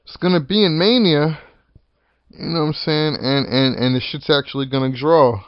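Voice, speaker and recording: A man's voice: fairly high pitch, normal speed, no room sound. A man delivers an expletive-heavy wrestling rant that wanders and restarts constantly. The recording sounds dull and lo-fi, with a dry, close feel and no room sound. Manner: rambling, frequent swearing and restarts. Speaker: wrestling commentary vlogger. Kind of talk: profane ranting monologue.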